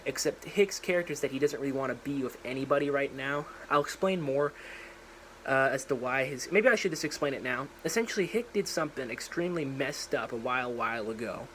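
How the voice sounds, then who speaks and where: A man's voice: medium pitch, expressive, a little fast, a bit bright, a little hiss or hum, low-quality recording. A young man casually retelling his story idea on a phone vlog, rambling with lots of fillers and restarts and briefly acting out characters' lines. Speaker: vlogger. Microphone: phone propped up.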